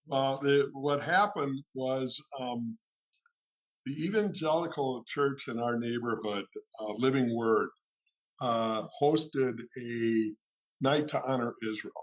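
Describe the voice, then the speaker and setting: A man's voice: mid-range voice, takes it slowly. A man who is a guest on a casual radio conversation, telling stories with frequent restarts and fillers, heard on a slightly muffled radio recording.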